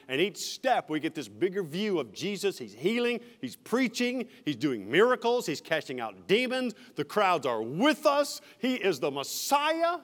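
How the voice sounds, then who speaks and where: A man, a senior pastor, preaching an expository sermon verse by verse, with friendly asides to the congregation. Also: on the high side. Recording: reverberant church hall.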